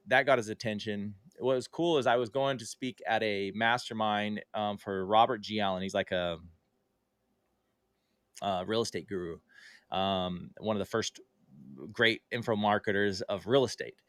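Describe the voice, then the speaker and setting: A man's voice: fairly low pitch, fairly bright tone, clear, resonant tone, no echo. A man who is a guest on a podcast, telling a story in a casual way and acting out quoted dialogue in livelier tones. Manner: conversational, with frequent fillers and self-corrections.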